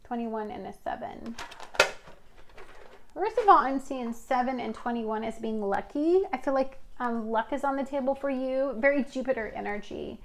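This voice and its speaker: A woman's voice: fairly high pitch, moderate pace, gravelly, a little hiss or hum. A woman giving a casual tarot reading, talking in a chatty, rambling way with fillers. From Washington state. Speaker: tarot reader.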